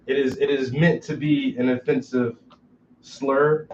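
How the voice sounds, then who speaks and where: A man's voice: medium pitch, little pitch movement, a little slow, darkish tone, a little hiss or hum. A man hosting a casual chat, talking bluntly and profanely and laughing often. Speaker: host. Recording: dull, muffled recording.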